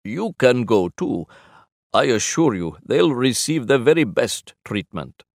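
A grave older scientist, played by a male narrator, speaks in formal, measured sentences. His gravelly voice swings widely in pitch. It is an audiobook character. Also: very animated, dry recording, studio quality, heavily acted.

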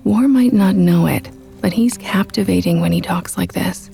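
A young woman narrating a first-person audiobook in a soft, intimate, reflective way. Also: on the low side, moderate pace, vocal fry, few pauses. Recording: with background music.

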